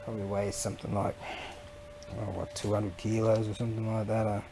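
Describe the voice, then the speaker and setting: A man's voice: on the low side, completely flat delivery, brisk, creaky, mellow, slight background noise. A middle-aged man, chatting casually and rambling to the camera, laughing often and talking to himself. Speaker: vlogger.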